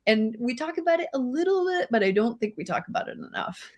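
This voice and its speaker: A woman's voice: fairly high pitch, sing-song, quick pace. A woman co-hosting a podcast, talking in an earnest, emphatic way with frequent fillers. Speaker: podcast co-host. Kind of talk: casual discussion.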